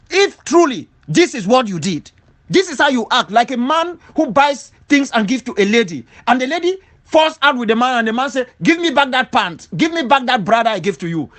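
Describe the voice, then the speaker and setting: A man's voice: very high-pitched, a bit bright. Guy firing back in a heated rebuttal, voice swings way up and down, keeps hammering the same questions. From Cameroon, southwest region. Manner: emphatic, repeats rhetorical questions. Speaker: independence movement leader. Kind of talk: impassioned spoken rebuttal.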